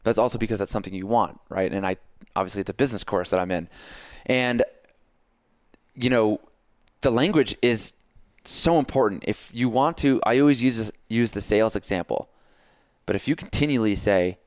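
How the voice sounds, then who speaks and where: A man hosting a casual podcast chat, coaching and telling stories in an animated way, acting out his own self-talk. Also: on the low side, fairly quick, clear, resonant tone, dry recording, clean studio sound. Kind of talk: casual conversation.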